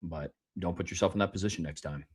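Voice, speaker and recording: A man's voice: sits low, quick pace, breathy edge. A man co-hosting a sports podcast who reads listener submissions and gives blunt takes. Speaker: co-host. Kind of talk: casual sports podcast chat.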